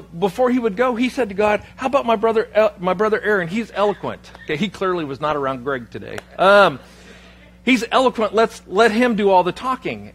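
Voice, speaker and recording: A man's voice: sits high, slightly rough. A man preaching a sermon in church, with a humorous, self-deprecating storytelling manner. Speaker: pastor.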